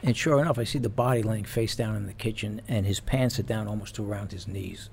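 Man, former cop, casual storytelling, animated, low pitch, faint noise. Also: quick pace, gravelly. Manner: animated, laughs while telling. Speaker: retired police officer.

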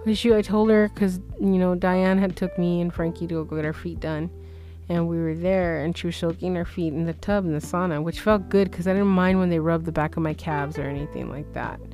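A woman's voice: fairly low pitch, fairly quick, faint music behind. A woman co-hosting a podcast, telling a story in casual chat, acting out the other people's lines and laughing as she goes. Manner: animated, acts out quotes, laughs through story. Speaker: podcast co-host.

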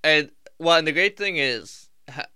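A man's voice: on the high side, animated, unhurried, sharp tone, clear, resonant tone, no room sound, clean studio sound. A young man co-hosting a podcast, chatting casually about a movie scene with lots of fillers. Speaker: podcast co-host. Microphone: studio microphone.

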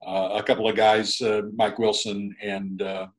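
A man's voice: lowish voice, level tone, measured pace, poor audio. A middle-aged man, a guest minister, telling a long story in a rambling, chuckling, casual way with many restarts.

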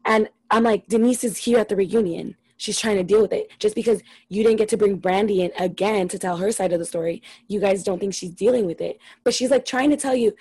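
A woman's voice: medium pitch, a little fast, few pauses, a little mellow, slightly rough, no echo, low-quality recording. A young woman co-hosting a podcast, chatting casually and ranting with lots of swearing about a reality show. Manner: profane, exasperated, ranting. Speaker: podcast co-host.

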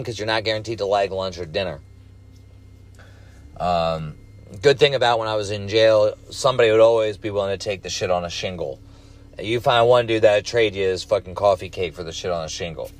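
A man's voice: lowish voice, brisk. A young man telling a casual story in a blunt, rambling way, swearing constantly.

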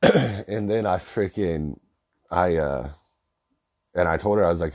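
A man's voice: low voice, moderate pace, a little mellow. A young man in his twenties telling a personal story casually, rambling with lots of fillers and swearing. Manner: rambling, profane, filler-heavy.

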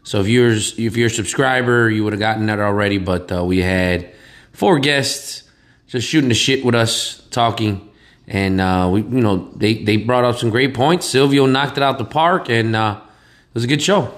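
A man's voice: fairly low pitch, moderate pace. Rambling, joking male podcast co-host. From Chicago area, USA. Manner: loose, rambling, joking with coughs. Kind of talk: casual chat.

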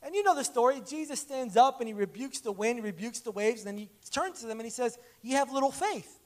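Very high-voiced male preacher. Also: quick pace. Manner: animated, acts out dialogue in stories. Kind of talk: conversational sermon with storytelling.

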